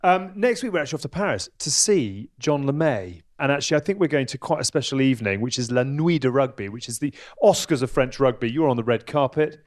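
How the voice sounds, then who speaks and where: A man hosting a live podcast show, brisk and upbeat as he presents. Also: medium pitch, expressive.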